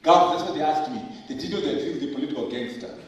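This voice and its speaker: A middle-aged man giving a lively speech at a book launch, firing rhetorical questions, joking and hammering points through repetition. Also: on the high side, fast. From Zimbabwe. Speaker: professor and author at a book launch. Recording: echoey hall, voice from far off.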